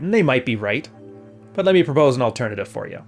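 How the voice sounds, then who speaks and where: A man's voice: medium pitch, sing-song, fast, faint music behind. A man hosting a podcast, giving blunt, profane relationship advice and mocking the voices he quotes. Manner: blunt and profane, mock-quoting others. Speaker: podcast host. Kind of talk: casual advice commentary.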